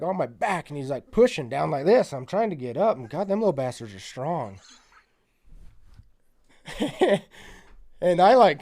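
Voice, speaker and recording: A man's voice: on the high side, a little mellow. Rambling, profane man from Utah. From South Central Utah. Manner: rambling, profane, heavy fillers; acts out quoted lines. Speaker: podcast guest, hunting guide. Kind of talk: casual storytelling.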